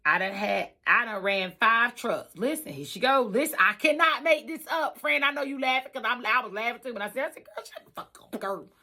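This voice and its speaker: Animated bright-voiced woman telling a story. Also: fairly high pitch, fairly quick, hardly any pauses. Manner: animated, emphatic, repeats lines for effect. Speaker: trucker and trucking school staff. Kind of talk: casual storytelling vlog.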